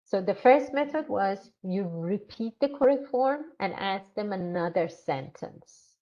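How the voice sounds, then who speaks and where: An ESL teacher trainer runs a grammar workshop for English teachers, repeating her phrases and acting out brief teacher-and-student exchanges. Her medium-pitched voice is animated and unhurried, with hardly any pauses, and the lo-fi recording sounds dull.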